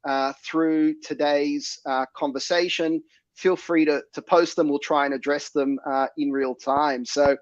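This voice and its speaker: A man hosting a casual livestream with a raspy voice and a sore throat, speaking in a relaxed way with many ums. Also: on the high side, unhurried, no echo. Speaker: host. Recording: dry, dull lo-fi mic.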